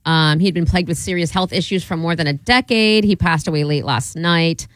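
A woman's voice: fairly low pitch, a little fast, no room sound. A woman co-hosting a radio show, teasing the others and reading out news items. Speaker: radio co-host. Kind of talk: casual radio banter.

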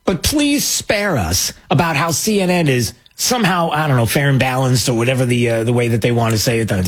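A man hosting an opinion commentary show, talking in a sarcastic, mocking and animated way. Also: medium pitch, a little fast, few pauses.

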